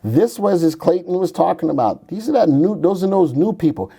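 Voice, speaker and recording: A man's voice: high voice, animated, a little fast, gravelly, mellow, slightly rough. A man hosting a casual livestream on stocks, joking around and thinking aloud as he pulls up charts. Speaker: stock market show host. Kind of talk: casual livestream market commentary.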